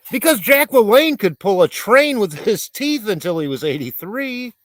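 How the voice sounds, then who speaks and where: A man's voice: high voice, dry recording. A man hosting a livestream, rambling in casual chat and reading viewers' comments aloud, congested and coughing. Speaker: livestream host.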